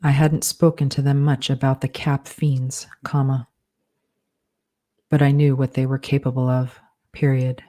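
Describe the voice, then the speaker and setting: A woman author dictating her novel aloud, slowly and deliberately, speaking punctuation marks and edit commands between phrases. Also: a bass voice, little pitch movement, mellow.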